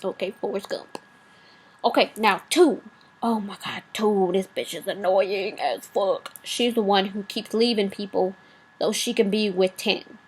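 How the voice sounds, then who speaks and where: A woman's voice: medium pitch, fairly even intonation, measured pace, husky, poor audio. A woman vlogger delivering a blunt, profanity-laced rant, rambling with asides and fillers.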